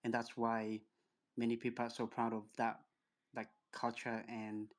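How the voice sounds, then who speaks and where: A man's voice: medium pitch, completely flat delivery, measured pace. A man from Africa talking in a group voice chat, hesitant and full of fillers. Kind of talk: casual chat.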